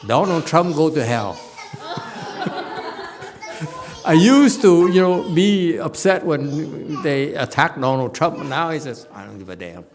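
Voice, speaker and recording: Man, Buddhist teacher, Dharma lecture, slow-spoken, playful, laughs a lot, hushed asides. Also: on the high side, expressive. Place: temple lecture hall.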